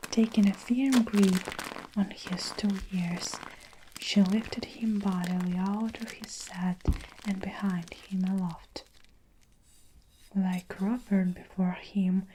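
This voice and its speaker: A woman reading a children's story aloud in a soft whispered role-play for ASMR. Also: mid-range voice, steady tone, takes it slowly, background noise. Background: faint soap crushing and crinkling.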